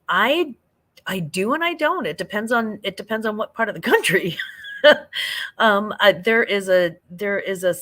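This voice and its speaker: An older woman from St. Louis, talking loosely through a late-night livestream. Her voice sits on the low side for a woman. She rambles, laughs easily and answers viewer comments as they come in. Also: a bit bright. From St. Louis, Missouri. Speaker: livestream host.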